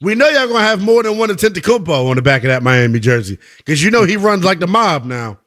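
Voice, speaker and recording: A man's voice: sits high, very animated, fast, a bit bright. A man hosting a sports call-in radio show, casual and joking, with plenty of slang.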